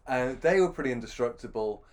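A man's voice: medium pitch, expressive, brisk, darkish tone. Middle-aged guy telling a rambly story, keeps restarting, pokes fun at himself. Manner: rambling, self-deprecating, full of restarts. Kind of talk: anecdotal storytelling.

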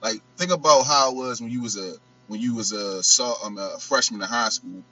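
A man in casual podcast chat, laying out his points in a relaxed, rambling way. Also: medium pitch, a little fast, highs cut off, a little hiss or hum. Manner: relaxed, explains points at length with fillers. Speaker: podcast co-host.

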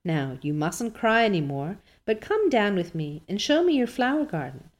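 A gentle, kindly minister's wife, read aloud by a woman. She speaks softly and reassuringly, a calm storybook comforter. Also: medium pitch, normal speed, close to an everyday voice. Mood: soothing.

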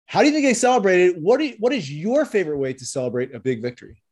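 A man's voice: high-pitched, fast, breathy edge. A man co-hosting a sports podcast in casual, joking chat, acting out little quoted voices. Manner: animated, jokey, acts out quoted voices. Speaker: podcast co-host.

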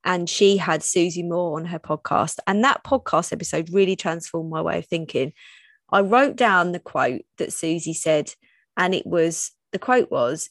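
A woman's voice: lowish voice, moderate pace, no echo, clean studio sound. A woman in her thirties hosting her own podcast, talking openly and personally with frequent restarts. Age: 30s. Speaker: podcast host. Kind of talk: solo podcast monologue.

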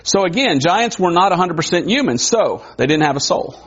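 A man preaching a sermon in a conversational way, wondering aloud and adding quick asides. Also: high-pitched, expressive, a bit bright, breathy edge. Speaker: pastor. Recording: dull lo-fi recording.

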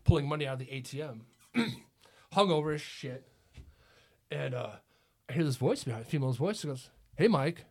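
A man's voice: mid-range voice, expressive, a little fast, long pauses, darkish tone. A middle-aged man hosting a podcast, telling a rambling story with lots of laughs and "it's like.". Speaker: podcast host. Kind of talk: casual storytelling chat.

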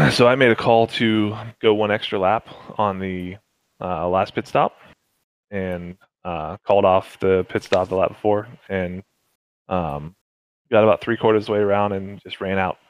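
A man's voice: low-pitched, steady tone, a little slow, clean tone, dry recording, poor audio. A man, a racing driver, talking casually through a race with many fillers and restarts. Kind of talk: casual interview chat.

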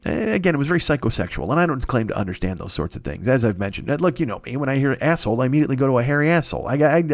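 A man's voice: mid-range voice, expressive, rapid-fire, no room sound, studio quality. A man hosting his own podcast alone, ranting profanely and rambling, often laughing at his own jokes. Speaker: podcast host. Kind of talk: solo comedic rant.

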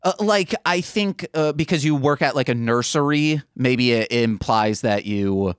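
A man co-hosting a podcast in casual chat, quick and joking, swearing and mimicking lines in funny voices. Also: mid-range voice, lively intonation, clean tone, no room sound, studio quality. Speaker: podcast co-host.

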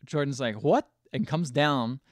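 A man co-hosting a podcast, casually retelling a film's scenes and acting out the characters' lines in quick voices. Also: mid-range voice, lively intonation, dry recording, clean studio sound. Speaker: podcast co-host. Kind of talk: casual movie recap chat.

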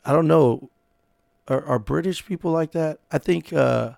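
A man co-hosting a casual chat, gravelly and halting, often restarting his sentences in a jokey way. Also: on the high side, darkish tone, no echo, studio quality. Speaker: podcast co-host.

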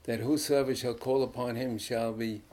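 An older man, a pastor, telling a folksy faith story on a Christian talk show, halting and restarting as he goes. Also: mid-range voice, fairly even intonation, a little mellow.

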